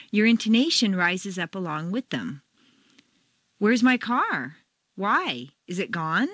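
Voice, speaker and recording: An American woman reading a scripted pronunciation lesson, demonstrating intonation with clear, deliberate examples. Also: mid-range voice, a bit bright, no echo. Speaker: pronunciation teacher. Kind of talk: scripted instructional narration.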